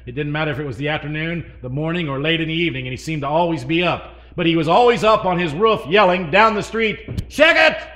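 Male preacher, high tenor, bright edge; dynamic sermon delivery with questions to the room. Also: fast, few pauses. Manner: dynamic, swinging between loud emphasis and hushed asides; asks the congregation questions.

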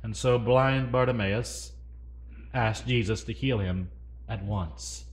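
A man preaching a sermon, swinging between loud emphasis and hushed asides and asking the congregation questions. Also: on the low side, takes it slowly.

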